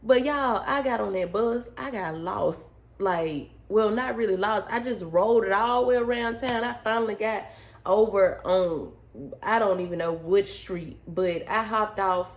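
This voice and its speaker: A young woman vlogger telling a personal story in a casual, animated way, often addressing her viewers as y'all. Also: mid-range voice, unhurried.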